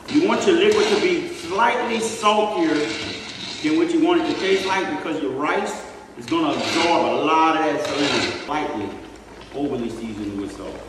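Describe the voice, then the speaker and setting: A man's voice: on the high side, moderate pace. A man hosting a casual cooking demonstration, chatting folksily and straight to the viewers while filming on a handheld phone. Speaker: cook and host. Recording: roomy distant sound, faint background noise.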